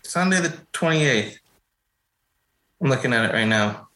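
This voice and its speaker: A man's voice: mid-range voice, lively intonation, measured pace, sharp tone. Male co-host, jokey sports chat, roomy echo on the voice. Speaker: podcast co-host.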